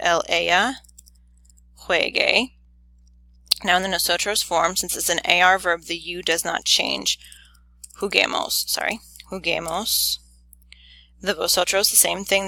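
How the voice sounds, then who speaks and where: A woman teacher giving a recorded grammar lesson, explaining methodically step by step and quickly correcting her own slips. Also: fairly low pitch, vocal fry, pushed and bright, no room sound. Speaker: Spanish teacher.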